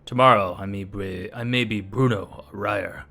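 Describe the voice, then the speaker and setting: A man's voice: lowish voice, fairly even intonation, normal speed, creaky, sharp tone. A man playing a suave, cunning fox posing as a prince. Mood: philosophical. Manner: suave, theatrical, fake Spanish accent.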